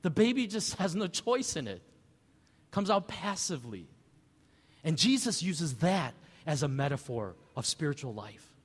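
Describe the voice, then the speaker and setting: A man preaching a sermon as pastor, conversational and animated, asking rhetorical questions. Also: sits high, big-room sound.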